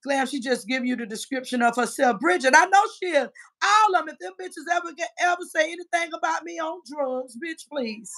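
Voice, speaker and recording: A woman in her fifties with a high-pitched voice, ranting on a livestream. She trash-talks in a combative, profane way, swinging between loud outbursts and muttered asides. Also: fairly quick. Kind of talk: heated livestream rant.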